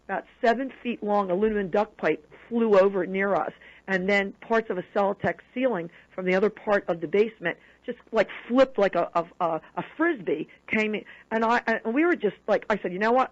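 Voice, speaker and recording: A woman of middle pitch tells a personal story as a radio guest. She acts out the quoted voices with lively retelling. The broadcast audio sounds dull and lo-fi. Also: a little fast.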